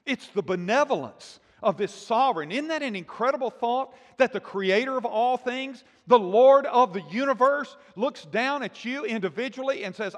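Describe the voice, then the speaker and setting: An older man, a grandfather, preaching a sermon with emphatic declarations that drop to hushed, intimate asides. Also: extremely high pitch, animated, normal speed, big-room sound. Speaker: pastor.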